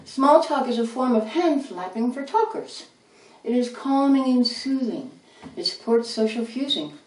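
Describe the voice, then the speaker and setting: A woman voicing a patient, friendly male red rat who explains things gently, in a roomy, distant recording with faint noise. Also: on the high side, animated, unhurried, pitched above the performer's own voice.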